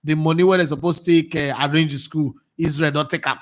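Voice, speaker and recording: A Nigerian man with a Nigerian accent hosts a casual football talk show. His voice sits a little high, and he swings in and out of Pidgin with lively, laughing energy. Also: quick pace. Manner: animated, mixes Pidgin with English, laughs often. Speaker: sports show host.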